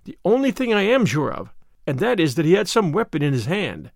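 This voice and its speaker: Shaken young gentleman, urgent and animated, read by a man in a storybook. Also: a little high, fairly quick, gravelly, no room sound, clean studio sound, full character voice. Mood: anxious. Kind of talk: audiobook character reading.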